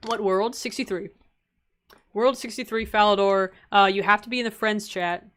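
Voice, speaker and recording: A woman's voice: medium pitch, moderate pace, a bit bright, clean tone. A young woman streaming a game, chatting casually and answering viewer questions with frequent laughs and rambling asides. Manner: chatty, giggly, laughs often between answers; rambling, with many fillers and asides. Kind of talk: casual live-stream chat.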